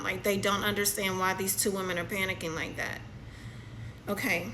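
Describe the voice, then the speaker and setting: A woman giving a channeled spiritual reading, halting and repeating herself as she describes what she sees, often checking in with "okay?". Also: mid-range voice, little pitch movement, pushed and bright, a little hiss or hum, poor audio. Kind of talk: channeled reading, narrating a vision.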